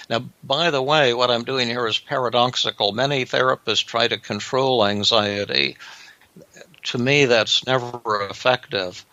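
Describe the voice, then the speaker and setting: A male psychiatrist hosting a podcast, telling a clinical anecdote in a halting way that often repeats words. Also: medium pitch, fairly even intonation, sharp tone, no echo, muffled recording.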